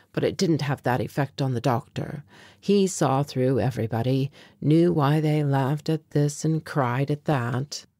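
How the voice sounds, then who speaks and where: Woman, audiobook narration, dark mellow tone, low pitch, reflective, measured. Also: dry recording, clean studio sound. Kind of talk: scripted first-person narration.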